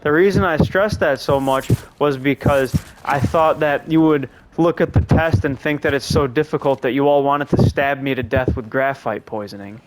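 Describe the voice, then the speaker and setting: A man's voice: medium pitch, faint music behind, lightly acted. A man imitating a quirky, prim male professor. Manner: affected, drawn-out "ah, yes" delivery. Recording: noisy background.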